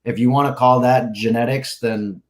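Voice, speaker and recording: A man's voice: medium pitch, fairly even intonation, normal speed. Swearing man telling a rambling story. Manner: rambling, heavy swearing, many "like" fillers, acts out quotes. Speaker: podcast guest. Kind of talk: casual profane storytelling.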